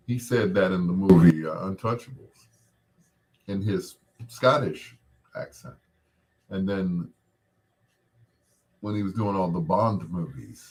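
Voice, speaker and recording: A man around 60 hosting a casual chat, rambling in a relaxed way and greeting viewers by name. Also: deep voice, measured pace, long pauses. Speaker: host.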